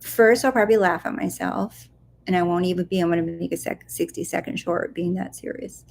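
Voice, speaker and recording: A woman's voice: fairly low pitch, a little fast, creaky, a little mellow, a little hiss or hum. A woman life coach chatting casually on a live stream, answering viewer questions in a playful, goofy way and often checking in with her listeners. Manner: chatty, playful and goofy, full of "like" and "do you see?". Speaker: law of attraction coach.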